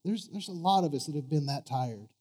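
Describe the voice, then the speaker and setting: A preacher with a somewhat high voice delivers a sermon in an earnest, halting way. He trips over his words, circles back and repeats phrases before driving a point home. He throws questions out to his congregation. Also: animated, darkish tone, slightly rough. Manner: earnest, stumbling restarts and repeated words, rising to emphatic peaks.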